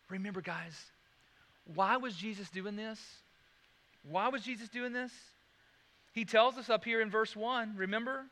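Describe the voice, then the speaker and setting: A man preaching a sermon, swinging from loud emphasis to hushed, slow lines and repeating key phrases. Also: high voice, long reverb tail. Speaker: pastor.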